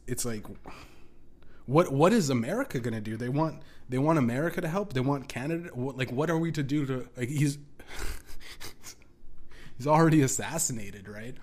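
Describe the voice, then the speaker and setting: A young man hosting a solo podcast, ranting casually with lots of swearing, restarts and laughing asides. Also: medium pitch. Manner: profane, rambling, laughing asides.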